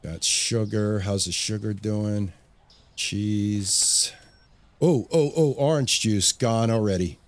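Lowish-voiced man narrating his gameplay. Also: slow. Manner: talks to himself, repeats words under pressure. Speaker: gaming channel host. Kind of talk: casual let's-play commentary.

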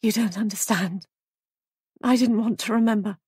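A frightened young woman pleading in a high, frantic voice, as a woman narrator puts her on. The tone stays husky under the strain. The recording is close and dry. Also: steady tone, normal speed, darkish tone, no echo. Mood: distraught.

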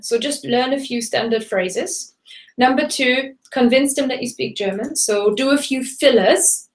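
A woman's voice: on the high side, normal speed. A woman hosting a live webinar as a German teacher, talking casually and hopping between German and English with fillers and restarts. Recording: roomy echo.

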